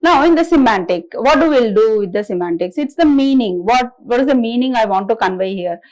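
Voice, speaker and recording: Woman, fairly high voice, halting lecture delivery. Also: animated, darkish tone, rough recording. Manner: halting explanatory delivery, many restarts and fillers. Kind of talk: recorded classroom lecture.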